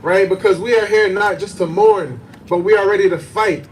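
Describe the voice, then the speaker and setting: Rousing male activist with a high voice. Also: normal speed. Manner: energetic, rallying the crowd with questions. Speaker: activist speaker. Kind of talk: rousing rally speech. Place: outdoor protest rally. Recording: distant voice, crowd and outdoor noise.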